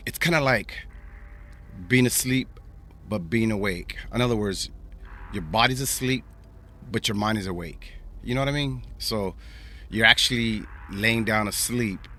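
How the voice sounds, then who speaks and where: A man's voice: lowish voice, pushed and bright. A man hosting a podcast, telling a personal story in a casual, rambling way, repeating himself and using slang. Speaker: podcast host.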